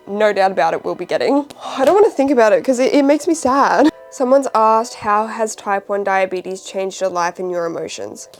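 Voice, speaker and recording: Young woman, Australian accent, chatty vlogger, mid-range voice, soft music behind. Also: mid-range voice. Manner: chatty, rambling, wrapping presents while talking. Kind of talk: casual chat.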